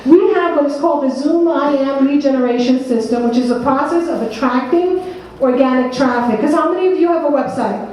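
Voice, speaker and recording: A woman with a New Jersey accent leads a seminar, firing questions at the room and calling on people by name. Her voice is high and mellow. She is heard from across an echoey meeting room with a faint hiss behind. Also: fairly quick, distant mic. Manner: quizzes the audience, calls on people by name. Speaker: workshop presenter. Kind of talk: interactive seminar talk.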